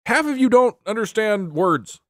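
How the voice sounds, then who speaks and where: High-pitched man, sarcastic streamer banter. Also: big pitch swings, normal speed, no room sound, clean studio sound. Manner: sarcastic, exasperated banter with chat. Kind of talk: casual live-stream chat.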